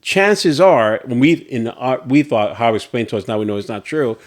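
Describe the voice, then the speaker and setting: A man co-hosting a casual podcast chat, telling stories in an animated way and laughing often. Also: medium pitch, normal speed. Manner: animated storyteller, laughs often, acts out reactions. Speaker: podcast co-host.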